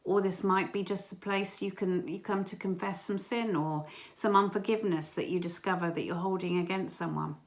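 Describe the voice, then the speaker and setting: A woman giving an informal church talk, earnest and gentle, with small hesitations. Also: medium pitch, fairly even intonation, moderate pace, hardly any pauses. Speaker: church member sharing a prayer message.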